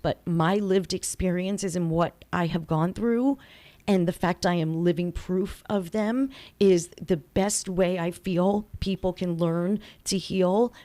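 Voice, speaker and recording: A woman's voice: lowish voice, darkish tone. A woman in her forties hosting a motivational podcast, talking in a candid, chatty and emphatic way. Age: 40s. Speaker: podcast host. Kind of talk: motivational monologue.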